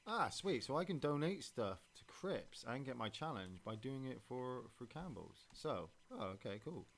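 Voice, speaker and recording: A man's voice: mid-range voice, big pitch swings, moderate pace. A man hosting a gameplay stream, talking casually and rambling, with many fillers and restarts. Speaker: streamer and podcast host.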